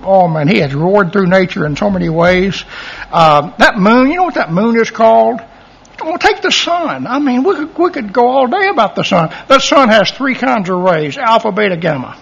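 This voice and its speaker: A middle-aged man preaching a sermon in a folksy, animated way, full of restarts and asides. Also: sits high, normal speed, gravelly, husky. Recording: dull lo-fi sermon recording.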